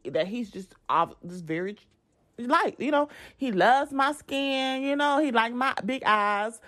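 Animated, chatty young woman podcast host. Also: sits high. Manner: chatty and animated, addresses listeners directly, frequent restarts. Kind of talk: casual chat.

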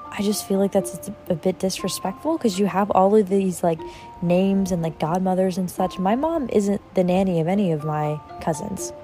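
A woman's voice: on the low side, dark tone. A young woman casually telling personal family stories, rambling with lots of fillers and casual swearing. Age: young adult. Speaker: podcast host.

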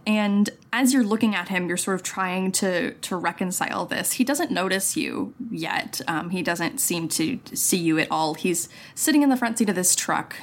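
A woman narrating a tabletop role-play as game master, in a gentle, measured way with frequent ums. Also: lowish voice.

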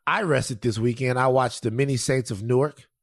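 A man's voice: mid-range voice, steady tone, moderate pace, no echo, clean studio sound. A man co-hosting a podcast, talking in a casual, opinionated way. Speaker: podcast co-host. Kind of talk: casual chat.

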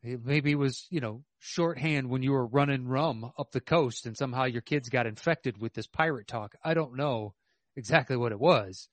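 A man co-hosting a podcast, talking about movies in a measured, hesitant way with many fillers. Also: mid-range voice, dry recording. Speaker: podcast co-host. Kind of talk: casual movie chat.

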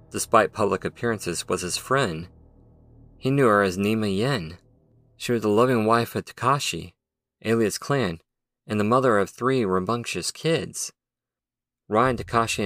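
Give me a deep-voiced man narrating fiction over faint background music. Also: a bit bright. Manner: measured, dramatic storytelling. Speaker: audiobook narrator. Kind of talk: scripted narration.

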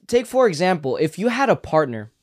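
A man's voice: high voice, sing-song, a little mellow. A young man co-hosting a casual faith podcast, speaking earnestly and reflectively. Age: young adult. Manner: earnest, reflective, quick to affirm. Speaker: podcast co-host.

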